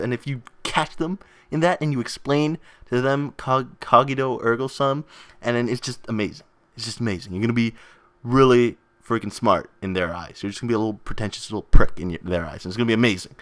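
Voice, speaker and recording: A man's voice: mid-range voice, a little fast, fairly bright tone, no room sound. A young man hosting a gaming video in casual, rambling vlog chat, self-mocking and often laughing.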